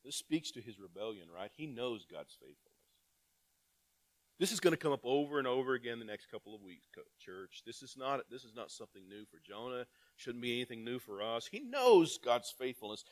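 Speaking at a brisk pace in a medium-pitched voice with big swings in pitch, this preacher reads from scripture during his sermon. He poses rhetorical questions to the congregation, moving from loud, emphatic appeals to quiet asides.

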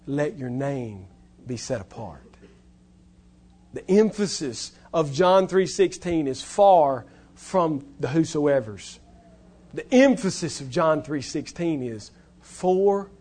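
A male pastor preaching a sermon, stressing key words loudly and then dropping to hushed, low lines. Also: breathy edge.

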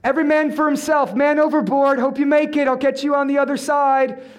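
A man's voice: very high-pitched, measured pace, voice pushed up. A man preaching and acting out a flustered male leader telling his crew to fend for themselves.

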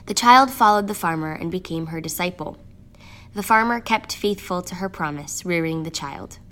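A woman telling a dark fable as a storyteller, in measured, steady scripted narration. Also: fairly low pitch. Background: music.

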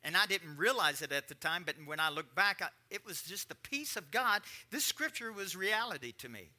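A man preaching a conversational sermon, repeating lines and swinging between quiet and emphatic delivery. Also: high-pitched, expressive, moderate pace. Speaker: pastor.

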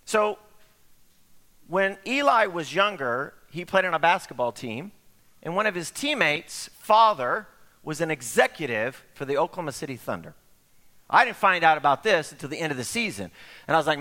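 A middle-aged man preaching a sermon as pastor, telling stories in an animated way and acting out the voices of the people in them. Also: on the high side, moderate pace. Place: church sanctuary. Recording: long hall reverb.

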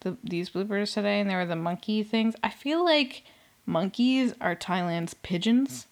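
A woman's voice: medium pitch, normal speed. A young woman hosting a podcast, talking casually and sarcastically about a reality show, swearing often and filling with "like". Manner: sarcastic, swears a lot, fills with "like". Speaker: podcast host. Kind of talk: casual reality-TV recap monologue.

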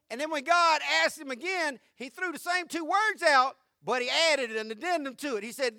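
A male pastor preaching a sermon with fervor, going from hushed tones to shouting and repeating his points. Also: very high voice, sing-song, unhurried, no room sound, studio quality. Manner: fervent preaching, swinging from hushed to shouting, with repetition.

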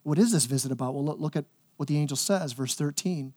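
A man's voice: fairly high pitch, fast, darkish tone. A male pastor preaching a conversational, emphatic sermon, often repeating words as he presses a point.

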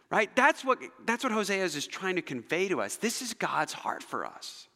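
A male pastor preaching a sermon, telling stories dramatically and swinging between loud emphasis and near-whispers. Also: high-pitched, fast talker, few pauses. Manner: animated, dramatic storytelling with shifts between loud and soft. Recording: long hall reverb.

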